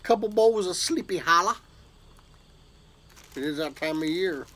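His voice sits high and sounds animated, pushed and bright, moving a little slowly over slight background noise. The man is casually unboxing a gift of pipe tobacco and coffee for his viewers on camera, punctuating it with enthusiastic drawled exclamations.

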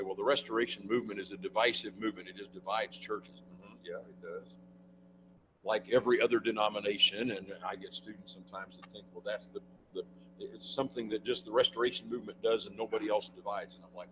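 An older man giving a conversational church lecture, with wry asides. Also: fairly low pitch. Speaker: guest speaker. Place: church meeting room. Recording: noisy room recording with hum.

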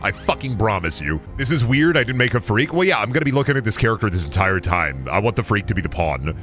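A man streaming a video game, talking crudely and excitably and laughing often. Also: fairly low pitch, fast. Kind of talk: casual gameplay commentary. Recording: music playing behind the voice.

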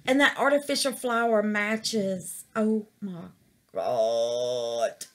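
A woman's voice: medium pitch, animated, slow. A woman gushing over her resin craft in a casual vlog, calling her viewers baby and y'all.

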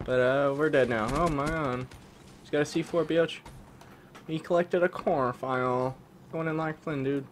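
A young man giving excitable live commentary on a video game, yelping and swapping swears for "fudge". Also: fairly high pitch, normal speed, slight background noise. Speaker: gaming channel host.

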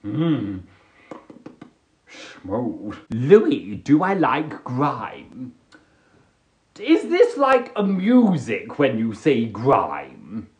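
A man's voice: huge pitch swings, extremely slow, darkish tone. Camp guy livestreaming comedy from his sofa, voice leaps all over, echoey room. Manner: camp, theatrical, swoops into high squeals for quoted voices. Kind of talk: chatty live comedy monologue. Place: home, on a sofa.

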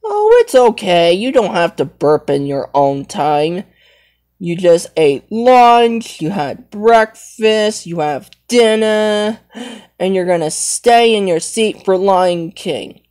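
A woman's voice: sing-song, slow pace, darkish tone. A woman improvising a playful toy role-play with shifting voices. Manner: swings between squeaky high and low put-on voices.

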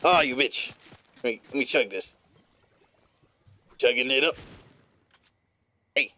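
A male streamer giving live gameplay commentary in a put-on gruff newsman voice, profane and playful. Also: medium pitch, takes it slowly, sharp tone.

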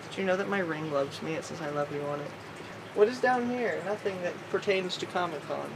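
A woman's voice: on the low side, brisk, noisy background. A woman vlogging alone from her bedroom at night, rambling in a silly way with sudden squeals and sing-song bits. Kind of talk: goofy solo vlog.

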